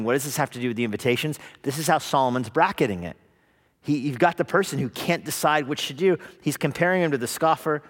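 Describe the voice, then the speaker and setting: A man preaching a sermon at an evening worship service, lively, acting out the voices of hesitant and scoffing people. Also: fairly high pitch. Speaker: pastor. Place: church sanctuary. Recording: long reverb of a church hall.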